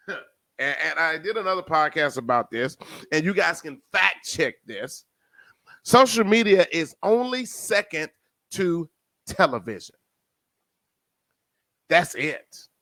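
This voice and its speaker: A man with a New Jersey accent hosting a casual podcast, addressing listeners as family and swinging between loud and soft. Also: a little high, no room sound. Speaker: podcast host.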